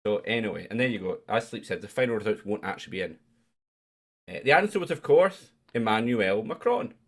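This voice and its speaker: A Scottish man hosts a casual online quiz, reading out questions and chatting between them. His voice is fairly low but swings up and down a lot. He jokes easily as he goes. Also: lively intonation, brisk. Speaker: quiz host. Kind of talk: casual live-stream quiz hosting.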